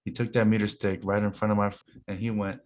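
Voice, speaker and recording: A young man co-hosting casually, telling animated stories and laughing often. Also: on the low side, fast. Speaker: co-host reading confessions. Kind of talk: casual chat.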